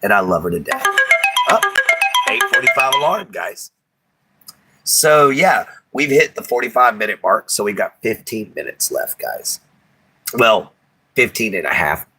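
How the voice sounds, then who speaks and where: A man's voice: fairly low pitch, animated, measured pace, long pauses, sharp tone, faint music behind. A man hosting a casual live stream, chatty and affectionate with many fillers.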